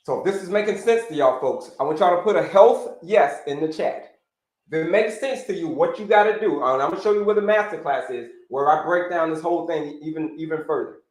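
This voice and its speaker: High-voiced male health coach running a live stream, lively and repetitive, in a roomy, echoing space. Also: a little fast. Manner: animated, repeats phrases, addresses viewers as folks.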